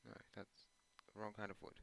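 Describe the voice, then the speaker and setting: A man's voice: lowish voice, monotone, fairly quick, vocal fry, a little hiss or hum. A man rambling casually while playing a video game, meandering and hesitant with plenty of ums and uhs, and dropping self-deprecating asides. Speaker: gaming channel host.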